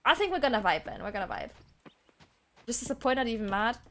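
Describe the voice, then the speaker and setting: A young woman streams a game with faint background music, giggling and chatting casually and now and then switching between English and German. Her voice is fairly high with huge pitch swings, and she talks a little fast.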